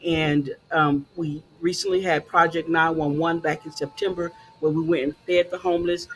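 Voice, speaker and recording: A woman's voice: low-pitched, little pitch movement, moderate pace, a little hiss or hum. A woman hosting a casual talk show, encouraging and conversational, with frequent fillers.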